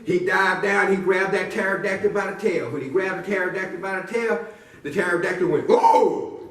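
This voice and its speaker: A male storyteller spins a silly tale with playful build-ups and questions thrown to the audience, his voice bright and a little high. He sounds distant, in an echoey room with faint background noise. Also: steady tone, a little fast. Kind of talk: animated storytelling to a live audience.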